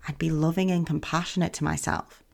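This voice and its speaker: A woman hosting a self-help podcast, talking in a gentle, soothing coaching manner. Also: sits low, fairly even intonation, brisk, vocal fry. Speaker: podcast host.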